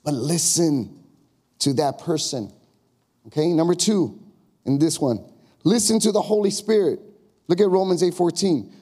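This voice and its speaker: A man's voice: fairly high pitch, animated, a little slow, pauses often, mellow, husky. A male pastor preaching a conversational sermon, acting out quoted questions in a raised voice.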